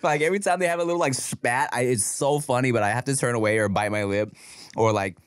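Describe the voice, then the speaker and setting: A man's voice: medium pitch, fast talker, clear, resonant tone, dry recording, studio quality. A man co-hosting a casual podcast chat, telling stories in slangy talk and laughing often. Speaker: podcast co-host.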